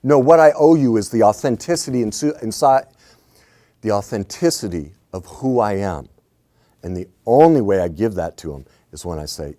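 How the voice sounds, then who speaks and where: A middle-aged man coaching on relationships, swinging between hushed reflection and loud emphatic points. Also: fairly low pitch, big pitch swings, brisk. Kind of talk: animated advice talk.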